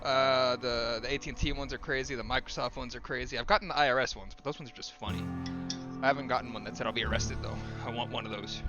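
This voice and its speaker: A male streamer chats casually over his gameplay, rambling, joking and swearing. His voice sits at a middle pitch. Game music plays clearly behind him. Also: steady tone, fast talker, dull audio. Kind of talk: casual gaming commentary.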